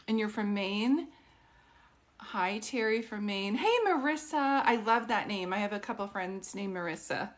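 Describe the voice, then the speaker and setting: A woman with a somewhat high voice hosts a relaxed phone livestream from her home. She chats easily as a psychic medium, reading viewer comments aloud and greeting each person by name. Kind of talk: casual livestream chat.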